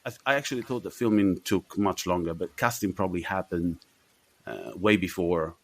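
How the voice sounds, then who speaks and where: Man, mixed Italian and South American accent, podcast host, lowish voice, rambling, laughs a lot. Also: lively intonation, fairly quick. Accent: mixed Italian, South American and Australian. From born in South America, Italian. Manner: rambling, laughs often, swears. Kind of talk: casual film chat.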